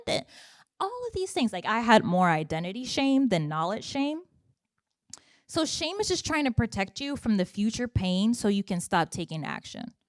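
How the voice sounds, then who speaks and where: A woman giving a lively motivational business talk to a live audience, chatting with the crowd in a conversational way. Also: on the high side, normal speed, dry recording, studio quality. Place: event room with audience.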